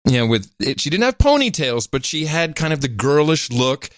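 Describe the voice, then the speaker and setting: A man co-hosting a podcast in casual chat, animated and fond of mimicking voices when he quotes people. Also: a little high, moderate pace, dry recording, clean studio sound. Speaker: podcast co-host.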